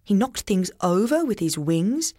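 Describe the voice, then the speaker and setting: A woman slowly reading a children's story aloud in a clear, expressive way. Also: mid-range voice, no echo, clean studio sound. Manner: slow, expressive. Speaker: narrator.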